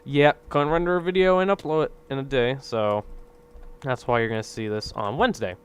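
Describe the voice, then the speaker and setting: A man's voice: mid-range voice, steady tone, brisk, clear, resonant tone. A young man ranting casually while playing a game, rambling, exasperated and constantly asking "right?". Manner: exasperated griping. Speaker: gaming video creator. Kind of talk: casual rant over gameplay commentary.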